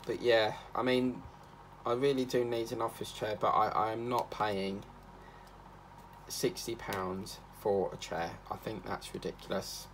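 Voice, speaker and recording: A man's voice: on the low side, fairly even intonation, unhurried, a little hiss or hum. A man chatting casually and rambling from topic to topic while he does a craft project, now and then singing a line or two. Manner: rambling, chatty, breaks into snatches of song. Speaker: craft channel host.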